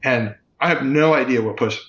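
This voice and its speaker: A man in his fifties, a podcast guest, recounting a personal story in vivid detail with quick restarts. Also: medium pitch, a bit bright, muffled recording.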